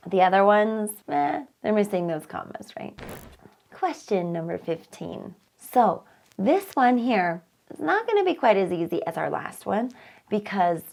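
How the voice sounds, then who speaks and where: A woman's voice: medium pitch, creaky, darkish tone. A woman teaching test prep, reading practice questions aloud and talking through each answer, often checking in with "right?". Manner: reads passages aloud and talks through answers, asks "right?".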